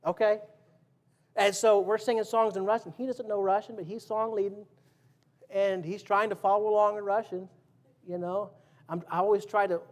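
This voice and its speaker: A man preaching a sermon in a church, casual and joking, quizzing the congregation and acting out quotes. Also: sits high. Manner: acts out quotes and sound effects. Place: church sanctuary.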